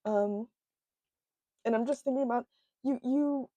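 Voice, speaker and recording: A woman talks about a book in a casual vlog, her voice sitting a little high but mellow and soft-edged. She speaks in an emotional, halting way, full of fillers. The close microphone gives a dry, intimate sound. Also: dry recording, highs cut off. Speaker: book vlogger. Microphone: own microphone close up.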